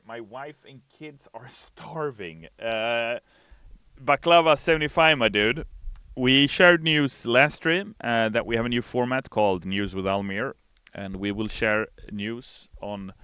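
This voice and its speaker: Brief: male stream host, lowish pitch, crisp and smooth, dry close sound, easygoing chat-reading delivery. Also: dry recording. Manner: relaxed, reads chat messages aloud and answers them. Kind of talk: casual livestream chat while playing. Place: studio.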